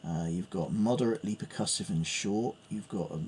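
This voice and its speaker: A man's voice: deep voice, fairly quick, a little mellow, a little hiss or hum. A man thinking aloud as he works through piano theory, reading notes and musing hesitantly with fillers. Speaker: piano learner. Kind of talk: thinking aloud while studying music theory.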